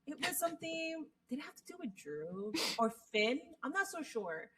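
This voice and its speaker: A woman co-hosting a podcast in casual chat, animated, swearing freely and laughing often. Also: high-pitched, normal speed, background noise. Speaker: podcast co-host.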